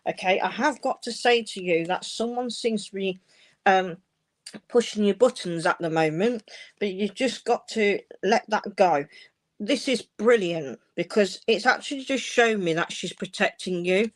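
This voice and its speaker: A woman's voice: medium pitch, unhurried. Woman giving a reassuring psychic reading. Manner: warm, reassuring, uses endearments like darling and my love. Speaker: medium giving live readings. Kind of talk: live-streamed psychic reading.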